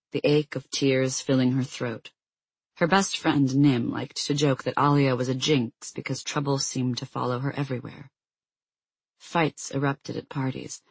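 An audiobook narrator tells the story in a steady, measured way. The voice is somewhat husky and sounds dry and close. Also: medium pitch, no echo.

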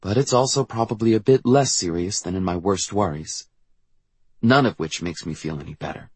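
A man narrating a first-person novel in a quiet, measured way. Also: low-pitched, slightly rough, no echo. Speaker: audiobook narrator.

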